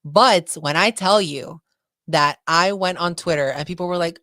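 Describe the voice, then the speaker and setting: A woman co-hosting a casual podcast, telling stories with lots of excitement and acting out quoted voices. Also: low voice, fairly quick, no room sound, studio quality. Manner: excitable storyteller, acts out quotes. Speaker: podcast co-host. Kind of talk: casual chat.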